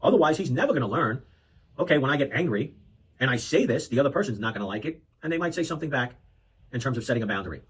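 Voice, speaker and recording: A man in his thirties talks earnestly about being a father, with a husky, slightly breathy voice at an ordinary middle pitch. He often restarts his sentences and slips in rhetorical asides as he reflects. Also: lively intonation, racing, rough recording. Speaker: parenting vlogger. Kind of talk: reflective talk to camera.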